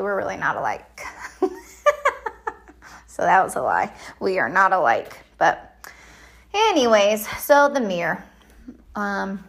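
A woman's voice: medium pitch, gravelly. A middle-aged woman chatting in a rambling, casual monologue as a podcast host. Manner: chatty, rambling, animated quoted voices.

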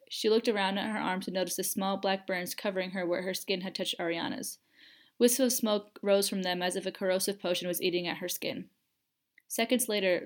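A woman narrating a fan fiction audiobook with measured, expressive storytelling. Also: medium pitch.

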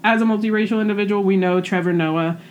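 A young adult woman co-hosting a new podcast in casual, chatty conversation, upbeat and quick to laugh. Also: medium pitch, steady tone, lo-fi sound, slight background noise. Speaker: podcast co-host. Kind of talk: casual chat. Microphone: microphone resting on a pillow.

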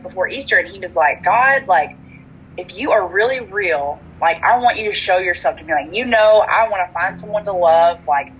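A woman's voice: on the low side, a little hiss or hum, rough recording. A woman with a Texan accent, telling a personal story in casual chat, full of "like" fillers and quoted dialogue. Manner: chatty, many "like" fillers, animated quoted dialogue.

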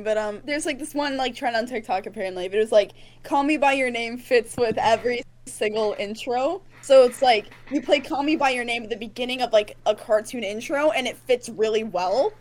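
A woman co-hosting a podcast in casual chat, excitable and rambling with giggles. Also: a little high, brisk, hardly any pauses. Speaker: podcast co-host.

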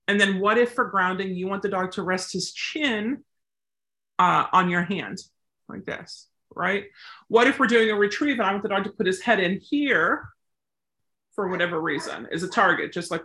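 A woman dog trainer giving a casual, chatty lesson, animated and often acting out her examples. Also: medium pitch. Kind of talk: casual teaching talk.

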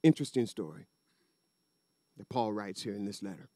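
A middle-aged pastor, preaching a sermon in a chatty storytelling way that builds to emphatic peaks. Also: male voice, on the low side, animated, moderate pace, dark tone, dry recording.

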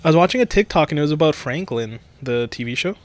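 A man's voice: on the high side, fast, no echo. A young man co-hosting a podcast, telling stories in casual chat and laughing often. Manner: laughing, animated storytelling. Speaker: podcast co-host.

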